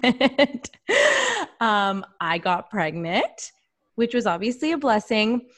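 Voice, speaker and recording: A woman in her thirties telling a personal story in casual chat, animated and self-deprecating, laughing often. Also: medium pitch, takes it slowly, no echo.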